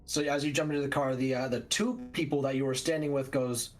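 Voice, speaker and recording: A man narrating as game master of a tabletop vampire game, describing action quickly with fillers. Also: medium pitch, steady tone, faint music behind.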